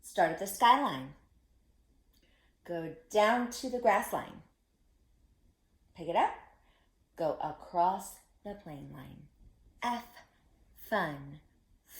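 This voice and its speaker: A woman teaching young children a phonics lesson, deliberate and repeating each step for them to echo. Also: on the low side, animated, vocal fry.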